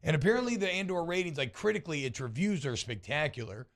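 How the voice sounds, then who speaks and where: A man's voice: on the high side, expressive, quick pace. A man hosting a sports radio show, chatting casually and enthusiastically with restarts.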